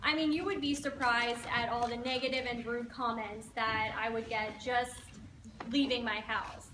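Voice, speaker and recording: A woman in her twenties telling her personal story of overcoming hardship, earnest and steady, as a member of a direct sales team. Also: a little high, moderate pace, far from the mic. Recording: echoey room with background noise.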